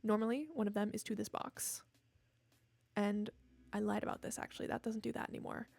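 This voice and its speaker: A woman's voice: medium pitch, level tone, fairly quick, gravelly, darkish tone, no room sound. A tired young woman streaming from home, chatting casually into a desk mic in a rambling, self-deprecating way. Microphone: desk microphone.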